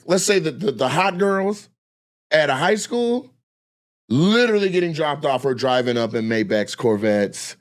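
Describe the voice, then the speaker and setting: Male, 30s, stand-up storyteller; profane, animated, slips into voices. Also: on the high side. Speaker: comedian telling stories. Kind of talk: casual storytelling.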